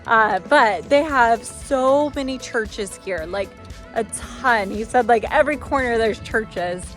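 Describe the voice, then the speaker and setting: A woman's voice: a little high, takes it slowly, soft background music. A young woman hosting a travel vlog, chatting in a bubbly way and leaning on casual filler words. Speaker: vlogger host.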